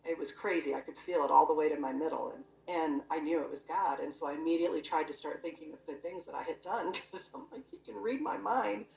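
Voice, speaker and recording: A woman's voice: sits low, steady tone, fast, creaky, hardly any pauses, a little mellow. A woman earnestly recounting a personal spiritual experience in casual, conversational storytelling, often using "you know" and "I'm like". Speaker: guest sharing a near-death experience. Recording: echoey room, voice from a distance.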